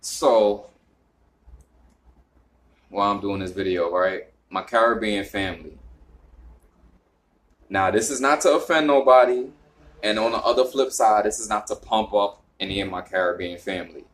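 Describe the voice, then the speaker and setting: A young vlogger from the northern United States, with a New York accent, chats casually straight to camera at a normal speed with long pauses. His voice stays low as he meanders through fillers and restarts, then rises in pitch and volume once he reaches his explanation.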